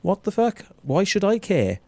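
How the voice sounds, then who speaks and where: Welsh male host, blunt, foul-mouthed, animated ranter; dry mic. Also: high-pitched, moderate pace, no room sound. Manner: blunt, heavy swearing, animated ranting. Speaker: show host. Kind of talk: casual livestream chat.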